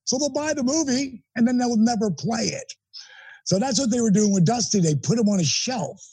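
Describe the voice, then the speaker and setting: Husky, high-voiced man telling a story. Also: moderate pace, dry recording, low-quality recording. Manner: animated, emphatic storyteller with profanity. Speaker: interview guest. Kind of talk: storytelling in an interview.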